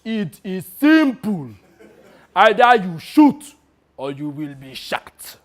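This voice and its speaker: A man's voice: medium pitch, monotone, unhurried, natural voice. A man voicing a brutal rebel soldier who barks sneering orders. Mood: sneering, harsh. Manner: shouting, sneering.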